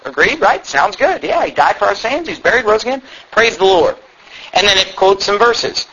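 Animated, fiery preaching man. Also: high voice, fairly quick, breathy edge, dull audio. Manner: emphatic, sarcastic, reads tract dialogue aloud in voices. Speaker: pastor. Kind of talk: fiery sermon. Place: church.

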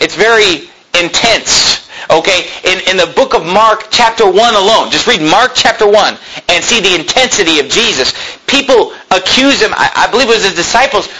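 A male pastor preaching an intense sermon, building to shouted quotes and stumbling over quick restarts. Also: sits high, noisy background. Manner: intense preaching, rising to shouts when quoting, with stammered restarts. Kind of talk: fervent sermon.

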